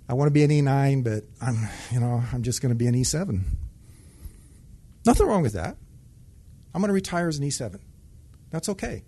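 A retired Air Force sergeant telling a personal testimony in a conversational way and acting out the dialogue. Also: male voice, mid-range voice, lively intonation, moderate pace, pauses often, warm tone, breathy edge. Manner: conversational storytelling that acts out dialogue.

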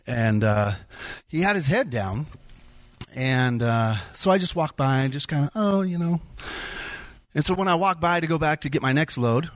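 A man's voice: mid-range voice, no room sound. Conversational middle-aged man, dry close sound. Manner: conversational, with many restarts, acts out his own inner dialogue. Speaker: speaker sharing a testimony. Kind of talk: personal faith story told to a group.

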